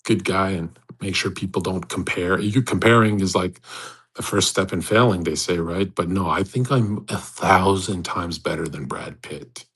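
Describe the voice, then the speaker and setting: A man's voice: sits low, normal speed, fairly bright tone, slightly rough, rough recording. A man hosting an online audio room, talking in a boastful, provocative and preachy way with lots of restarts. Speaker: host of a live audio chat room. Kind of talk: casual rambling monologue.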